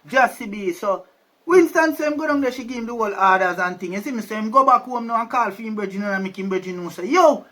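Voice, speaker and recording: Jamaican man, very high voice, casual storytelling, chatty. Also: fast, bright, forceful tone. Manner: chatty, keeps asking "you see me?".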